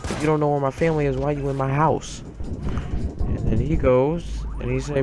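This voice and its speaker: A man's voice: medium pitch, fairly even intonation, moderate pace. Slangy storytelling man, noisy recording. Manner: dramatic, slangy, with comic asides. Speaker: gaming YouTuber. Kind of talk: casual storytelling.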